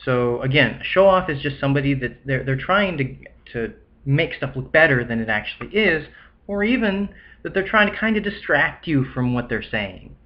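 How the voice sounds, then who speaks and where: A man's voice: mid-range voice, animated, moderate pace, lo-fi sound. A young man talking casually to camera, rambling with many restarts and acting out the people he quotes. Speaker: vlogger. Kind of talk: casual monologue.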